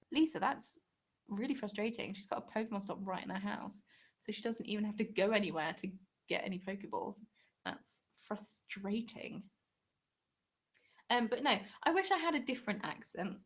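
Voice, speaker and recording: A young English woman with a mid-range voice hosts a crafting channel's live stream. She chats casually and reads viewer comments aloud, giggling and rambling.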